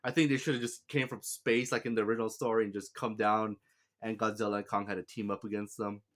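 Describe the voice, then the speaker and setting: A man's voice: lowish voice, flat delivery, quick pace. A man giving a casual, rambling spoken movie review, often laughing and correcting himself.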